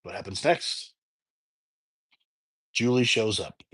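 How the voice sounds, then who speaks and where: A man's voice: on the low side, slow pace, fairly bright tone, husky. A man hosting his own review channel, casually retelling a film's plot off the top of his head with frequent restarts and fillers. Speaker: movie reviewer. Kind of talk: casual spoken film review.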